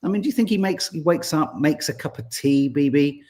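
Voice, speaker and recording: Male podcast co-host, 40s, rambling and wry, very animated intonation. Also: fairly high pitch, a little fast. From England. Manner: rambling, reads listener comments aloud, wry asides. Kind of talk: casual chat.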